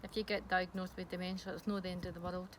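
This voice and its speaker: Talking fast in a low, level tone, a middle-aged Scottish woman gives a candid personal interview, speaking frankly but hesitantly with many ums and restarts. Background hiss is noticeable throughout.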